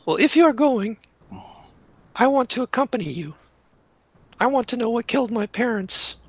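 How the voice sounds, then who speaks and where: High lively gravelly man at play. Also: moderate pace, dry recording. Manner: lively, laughing in and out of character. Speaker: player voicing a young farm girl. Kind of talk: tabletop role-play.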